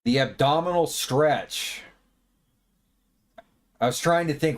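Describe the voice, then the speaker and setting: A man's voice: on the high side, slow pace. A man giving casual, wry live commentary while watching wrestling, swearing now and then. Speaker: watch party host.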